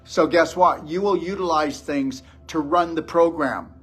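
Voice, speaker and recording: Brief: man, fairly high voice, preachy and confrontational motivational speaker, faint music behind. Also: a little slow, a bit bright, slightly rough. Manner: blunt, scolding, preachy. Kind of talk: motivational lecture to a live audience.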